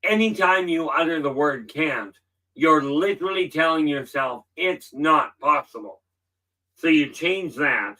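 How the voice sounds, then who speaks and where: A man hosting a livestream, giving an earnest motivational talk and stressing key words slowly. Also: a little high, pushed and bright, far from the mic, poor audio. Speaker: livestream host.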